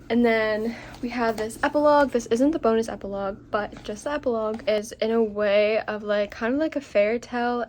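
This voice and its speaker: A young woman vlogging a casual, chatty book recap, excitable, often acting out quotes from the story. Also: fairly high pitch, a little hiss or hum.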